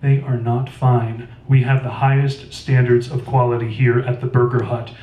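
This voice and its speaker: A male author reading aloud, voicing a stiff, pompous fast-food manager who lectures in formal words. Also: medium pitch, little pitch movement, a little mellow, lo-fi sound, lightly acted. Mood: stern. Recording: roomy store, distant mic.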